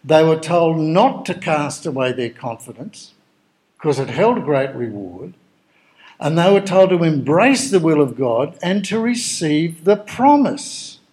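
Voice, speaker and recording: A man's voice: on the high side, sing-song, measured pace, darkish tone, rough recording. Man preaching a storytelling sermon. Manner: conversational storytelling, acting out dialogue. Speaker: pastor.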